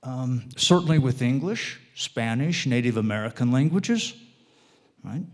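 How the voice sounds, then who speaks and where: A man's voice: medium pitch, expressive, unhurried. A man giving an informal, rambling lecture to a live audience, often checking in with tag questions and wandering off into side topics. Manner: rambling, digressive delivery with restarts.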